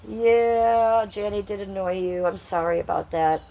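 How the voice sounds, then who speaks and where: A woman's voice: medium pitch, a little slow, mellow, slight background noise, poor audio. A woman hosting a casual livestream, rambling and confiding as she talks straight to her viewers. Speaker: livestream host.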